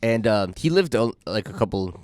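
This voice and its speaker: Lively young man telling a story. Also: fairly low pitch, normal speed, dry recording, studio quality. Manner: rambling, laughing storyteller with many fillers and restarts. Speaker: podcast co-host. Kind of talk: casual chat, storytelling.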